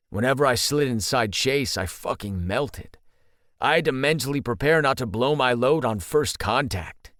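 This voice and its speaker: Male audiobook narrator, mid-pitched, steady first-person read, dry booth sound. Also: dry recording.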